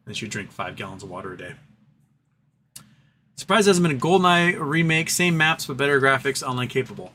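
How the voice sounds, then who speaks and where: A man's voice: mid-range voice, expressive, brisk, bright, forceful tone, a little hiss or hum. A man hosting a casual livestream, reading chat aloud and rambling between topics. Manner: rambling, reads chat aloud, baby-talks to his cat. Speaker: livestream host.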